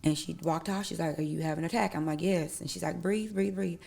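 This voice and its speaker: A woman's voice: sits low, fast, creaky. A young adult woman, a podcast guest, candidly retelling personal events in casual conversation and acting out what people said. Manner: candid, animated retelling with acted-out quotes.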